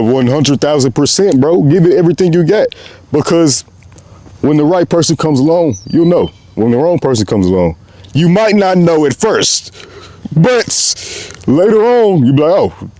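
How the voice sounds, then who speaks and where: Passionate rambling young man, mellow voice. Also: on the high side. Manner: passionate, rambling, slangy, often says "bro". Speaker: podcast host. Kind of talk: unscripted heartfelt monologue.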